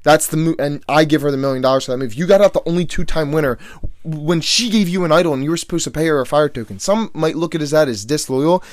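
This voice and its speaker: A young man co-hosting a podcast in casual chat, animated and quick to laugh. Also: a little high, dry recording, clean studio sound. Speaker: podcast co-host.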